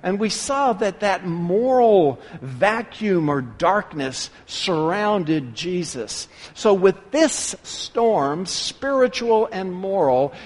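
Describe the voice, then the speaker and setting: A man preaching a sermon from the pulpit, earnest and measured, with dramatic pauses. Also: sits high. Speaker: pastor. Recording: long hall reverb.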